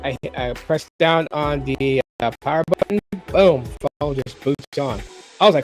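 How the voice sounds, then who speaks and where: A man's voice: fairly high pitch, a little slow, over music. A middle-aged man hosting a tech livestream in casual chat, rambling and repeating himself as he tells stories. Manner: rambling, repeats phrases, lively storytelling.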